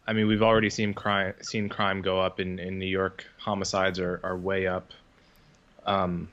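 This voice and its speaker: A man as a podcast guest, making measured, reasoned arguments with a few fillers. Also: lowish voice, a bit bright. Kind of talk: casual interview conversation. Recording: dull lo-fi sound.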